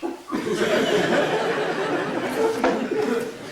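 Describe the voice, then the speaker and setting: A man with a high voice lectures as a rabbi, telling humorous anecdotes in a folksy, joking manner. He is picked up from a distance in a very echoey room. Steady background noise sits under his voice. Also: very slow. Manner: storytelling, joking, folksy asides.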